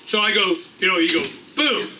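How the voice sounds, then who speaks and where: The host of a liberty meeting, a middle-aged man, talks animatedly and casually to a meeting room, rambling, irreverent and sprinkling in swear words. His high-pitched, expressive voice moves at normal speed, recorded by a distant mic with slight room noise.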